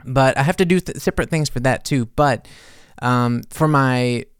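A man's voice: mid-range voice, normal speed, smooth, dry recording, studio quality. A man hosting a podcast as a musician, rambling casually with many fillers and self-corrections. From United States. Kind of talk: casual chat.

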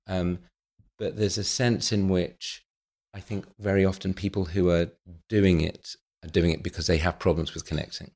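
Male guest, deep and gravelly, halting, wry. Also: darkish tone. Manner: hesitant, halting with many ums, dry self-mocking. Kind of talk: podcast conversation.

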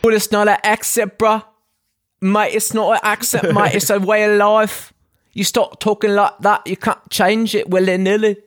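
A man's voice: high voice, monotone, fairly quick, hardly any pauses, a bit bright, pitched above the performer's own voice. A man putting on an accent to voice a crude, swearing bloke who says "mate" constantly, over a phone call. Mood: brash.

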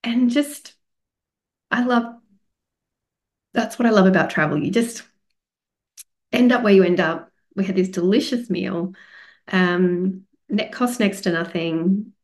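A woman's voice: medium pitch, measured pace, a little mellow. Chatty Australian woman podcast host. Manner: chatty and rambling, with frequent fillers and laughs. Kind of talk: casual spoken travel story.

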